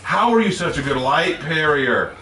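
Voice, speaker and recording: A man's voice: on the high side, animated, normal speed, bright, forceful tone. A man streaming a video game, chatting casually and ranting animatedly about other players. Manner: rants animatedly, exclaims. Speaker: gaming streamer. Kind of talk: casual gameplay chat. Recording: roomy, distant mic with faint noise.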